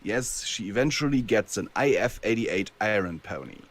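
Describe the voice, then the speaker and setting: Very low-voiced man on a voice call. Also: expressive, moderate pace. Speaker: voice actor guest. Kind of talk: casual interview over voice chat. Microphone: computer mic on a voice call.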